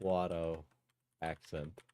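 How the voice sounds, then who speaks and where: A man's voice: deep voice, level tone, takes it slowly, warm tone, smooth, no room sound. A man streaming a casual reaction video, joking, laughing and swearing as he comments.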